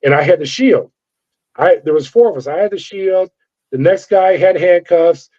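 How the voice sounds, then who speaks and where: Middle-aged man, former guard, animated yarn-spinner; mellow, slightly raised pitch, lo-fi audio. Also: normal speed. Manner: animated storyteller acting out dialogue. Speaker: former corrections officer. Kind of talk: storytelling interview. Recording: dull lo-fi sound.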